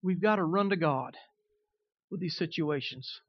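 A man preaching as a pastor, swinging between loud, emphatic lines and quiet, conversational asides. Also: on the high side, a little slow, no room sound, muffled recording. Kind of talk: sermon.

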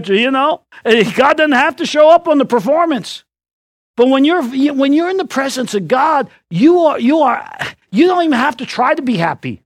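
A male preacher delivers a sermon in a lively, swooping voice, breaking into joking stories and loud outbursts. The sound is dry and close, with almost no room echo. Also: very high-pitched.

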